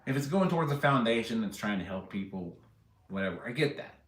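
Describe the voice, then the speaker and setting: Very animated and quick, this fairly low male voice belongs to a livestream host rambling and joking with his viewers. He laughs at his own stories, and the room is echoey.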